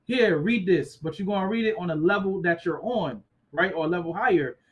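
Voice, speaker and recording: A man in his thirties co-hosting a casual faith discussion, animated and acting out quoted voices. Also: high voice, fast, rough recording. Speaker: co-host.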